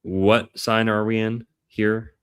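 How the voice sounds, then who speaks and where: A man's voice: fairly low pitch, flat delivery, slow pace, fairly bright tone, smooth. A man hosting a casual podcast chat about astrology, playful and punning, stretching out words for emphasis. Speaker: podcast host.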